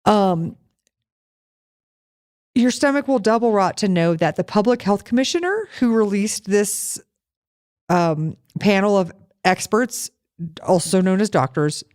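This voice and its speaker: A woman's voice: medium pitch, unhurried. Sarcastic, profane woman podcast co-host. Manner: profane, sarcastic, animated storytelling. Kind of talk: casual chat.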